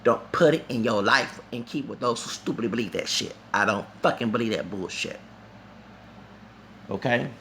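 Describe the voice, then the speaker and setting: A man's voice: medium pitch, normal speed, pushed and bright, slight background noise. A man reviewing a concert in a vlog, talking in a heated, rambling and profane way. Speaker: vlogger.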